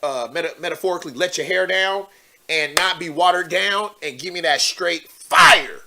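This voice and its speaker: A man hosting a call-in talk show, speaking casually and laughing often, swinging from low muttering to animated near-shouting. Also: moderate pace, vocal fry, noisy background. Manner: animated, rising to near-shouting when worked up.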